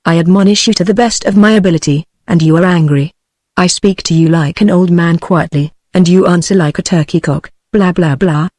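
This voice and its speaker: A British-accented text-to-speech woman's voice reading the lines of a mild old priest in a storybook, in the same even manner as the narration. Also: on the low side, brisk, dry recording, studio quality, natural voice. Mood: admonishing. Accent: British English. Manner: flat synthetic reading.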